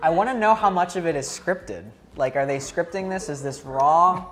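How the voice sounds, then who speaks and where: A man co-hosting a reaction show, chatting casually and teasing himself and his partner. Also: on the high side. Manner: animated, self-mocking, quick remarks. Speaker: co-host of a reaction channel. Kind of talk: casual chat reacting to videos.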